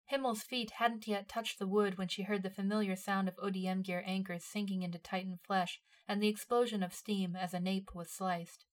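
Casting: woman narrator, mid-pitched, measured expressive storytelling. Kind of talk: storytelling narration of fan fiction.

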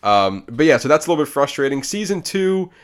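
A man co-hosting a casual movie podcast, retelling shows in an animated way. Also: fairly high pitch, a little fast. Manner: animated, acts out scenes while retelling. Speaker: podcast co-host. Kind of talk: casual chat.

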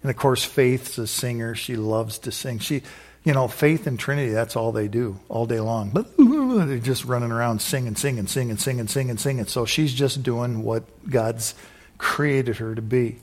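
A middle-aged man preaching as a pastor, in a rambling, exuberant way with sudden whooping shouts, then leading a prayer. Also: mid-range voice, normal speed. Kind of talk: sermon with closing prayer.

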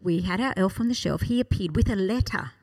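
A woman's voice: mid-range voice, brisk. A woman, co-hosting a podcast and telling family stories in casual chat, acting out her son's voice. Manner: animated storyteller, voices her son's lines. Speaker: podcast co-host.

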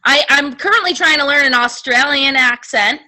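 A woman actor chats as a podcast guest, bubbly and quick to poke fun at herself. Her voice is high and bright. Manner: bubbly, self-deprecating. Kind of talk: casual chat.

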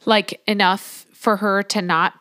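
A woman's voice: mid-range voice, flat delivery, slow, pushed and bright, dry recording, studio quality. A young adult woman hosting a podcast, telling her personal story in a candid, emotional and sometimes indignant way. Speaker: podcast host.

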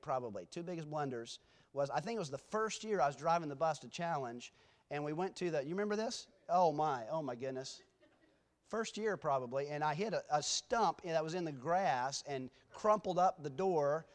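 A man whose voice is a little high, with lively intonation and a quick pace, stands in a church sanctuary as a guest preacher. He rambles through self-deprecating stories full of restarts ahead of the sermon.

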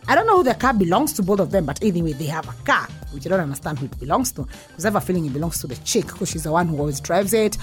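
A woman's voice: fairly low pitch, big pitch swings, racing, hardly any pauses, faint music behind. A woman with a Kenyan accent telling a story in a casual rant. She is blunt and swears a lot, switching between English and Swahili. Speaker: vlogger.

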